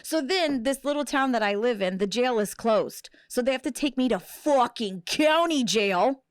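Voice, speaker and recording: Profane, animated middle-aged woman storyteller. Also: on the high side, normal speed, no room sound, clean studio sound. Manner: profane, animated, acts out quotes. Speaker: podcast host. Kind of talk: casual storytelling chat.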